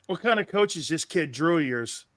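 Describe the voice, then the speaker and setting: A high-pitched man talking football as a show host, telling his stories with excited, punchy emphasis. The sound is close and dry, with no room around it. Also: moderate pace, no room sound. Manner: loud, excitable, tells stories with bursts of emphasis. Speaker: host and former player. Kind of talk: animated storytelling interview.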